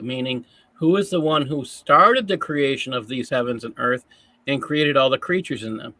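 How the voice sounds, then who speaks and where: A man co-hosting a casual chat, reading commentary aloud, incredulous and quick to laugh. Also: medium pitch, sharp tone, no room sound.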